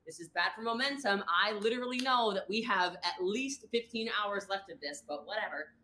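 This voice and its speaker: A woman rambles through a story on a livestream, acting out each quoted line. Her voice is bright and forceful, and the room around her rings with echo. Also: medium pitch, moderate pace, slight background noise. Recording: echoey room.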